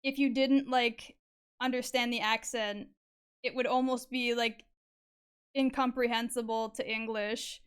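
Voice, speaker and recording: On stream, a young Canadian woman draws while chatting casually, swearing, laughing often and using lots of fillers. Her voice is high-ish, level and smooth, and she takes her time.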